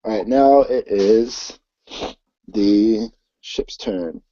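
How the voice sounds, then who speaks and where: A man narrating as game master for a tabletop game, talking in a halting way with many ums and restarts. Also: on the low side, dark tone, no room sound, lo-fi sound.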